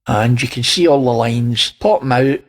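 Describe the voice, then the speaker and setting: A Scottish channel host with a medium-pitched voice and moderate pace narrates image analysis, guiding viewers through pictures, pointing out details, and adding wry asides.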